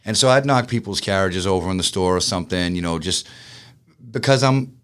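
Guy, business owner, talks low and rambly, lots of restarts and jokes on himself. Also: a little fast, a bit bright, clear, resonant tone. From Boston. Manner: chatty and self-mocking, many restarts. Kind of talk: casual interview storytelling.

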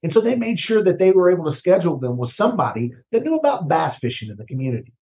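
A man working as a recruiting consultant, talking casually as an interview guest, often restarting words and tagging sentences with a quick question. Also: high-pitched, sing-song, warm tone, dull audio. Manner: conversational, repeats words, tags "right?".

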